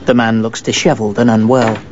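A man giving scripted recap narration in a flat, matter-of-fact way. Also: fairly low pitch, brisk, noisy background. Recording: dull audio over loud music.

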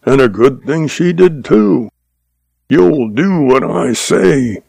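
A man voicing a gruff, bullying older stepfather on a ranch who roars and snarls his words. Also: medium pitch, measured pace, darkish tone, no echo. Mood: angry. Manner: roaring, snarling and rude.

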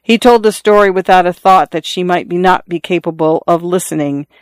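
Smooth, clear audiobook narrator. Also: medium pitch, brisk, dry recording.

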